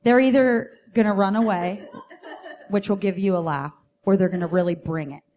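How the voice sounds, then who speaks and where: A woman's voice: medium pitch, normal speed, darkish tone. A woman in her thirties doing stand-up comedy, brash and playful, acting out bits. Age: 30s. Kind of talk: stand-up comedy on a podcast stage.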